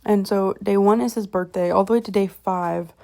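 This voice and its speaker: A woman's voice: mid-range voice, fairly even intonation, moderate pace, vocal fry, warm tone. A young woman retelling a book in a casual, rambling way, swearing freely and often correcting herself. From Canada. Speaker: vlogger.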